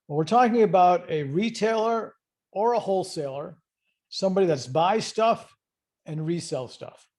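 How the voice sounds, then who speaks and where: A man's voice: a little high, gravelly, darkish tone. A middle-aged man giving an online accounting lecture, explaining step by step in a conversational way and asking students questions. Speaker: accounting instructor.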